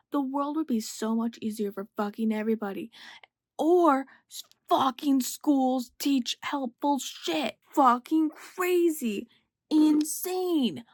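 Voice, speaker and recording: A woman's voice: on the high side, darkish tone, no echo. A young woman vlogger ranting late at night, exasperated, rambling and swearing constantly.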